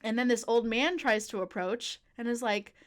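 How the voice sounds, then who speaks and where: A young woman chatting casually on a podcast, telling a workplace story in an animated way, laughing often. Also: on the high side, normal speed, clear, resonant tone. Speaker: podcast co-host.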